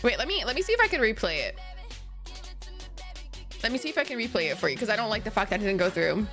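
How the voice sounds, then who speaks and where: A young woman streams a game and chats casually with viewers, bubbly and apologetic, swearing freely and sniffling from sinus trouble. Her medium-pitched voice is quick and sing-song, with music playing behind her.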